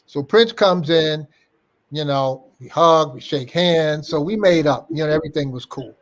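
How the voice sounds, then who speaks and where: An older man recalling old times in an interview, his voice sitting a bit higher than most men's. He is a lively storyteller who slips into the voices of the people he quotes. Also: normal speed. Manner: animated anecdote-teller, acting out quoted dialogue. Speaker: interview guest.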